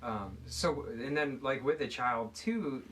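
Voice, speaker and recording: A man's voice: medium pitch, a bit bright. Man guest expert sounding far off. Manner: agreeable, affirms often, explains in a measured way. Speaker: guest expert on youth mental health. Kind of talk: conversational discussion. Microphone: video call.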